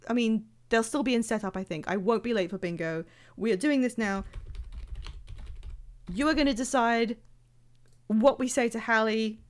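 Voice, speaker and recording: A young British woman chatting casually and rambling as she streams a game. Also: a little high. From Britain. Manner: chatty, rambling, self-interrupting. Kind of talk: casual live-stream chat.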